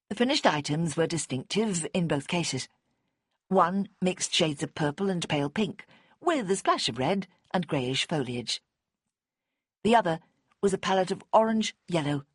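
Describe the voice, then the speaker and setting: A woman reading a mystery audiobook at a calm, measured pace. Her voice sits low with a husky, breathy texture. The close studio mic gives a dry sound with no room. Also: no echo. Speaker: audiobook narrator. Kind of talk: scripted narration.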